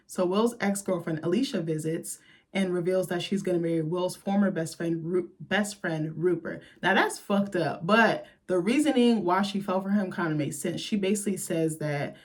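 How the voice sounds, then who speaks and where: A woman's voice: on the low side, moderate pace. Sassy, chatty woman riffing on a movie. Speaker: host. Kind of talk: casual movie commentary.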